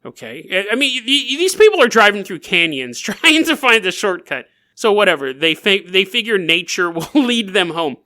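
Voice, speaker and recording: A man's voice: sits high, sing-song, moderate pace, bright, forceful tone. A man hosting a podcast, telling a strange story in a playful, jokey way, giggling through his lines and riffing on tangents. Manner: riffs and goes off on tangents. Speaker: podcast host. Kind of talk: comedic storytelling narration.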